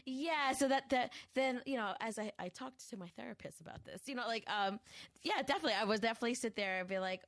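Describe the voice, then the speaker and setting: A woman's voice: a little high, fast talker, no echo. A woman co-hosting a podcast, chatting casually and playfully acting out her family's voices. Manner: animated, playful, acts out family members' voices. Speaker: podcast co-host. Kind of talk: casual chat.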